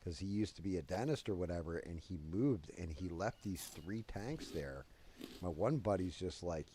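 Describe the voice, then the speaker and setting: A man telling a crude story on his live stream in a rambling, animated way. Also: sits low, moderate pace, a little hiss or hum.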